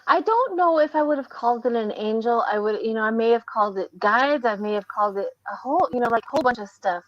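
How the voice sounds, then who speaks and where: An older American woman hosting a casual live stream, telling lively stories and acting out the voices she heard. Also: fairly high pitch, fast, no echo, highs cut off. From United States. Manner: animated storyteller, acts out voices. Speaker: tarot reader host.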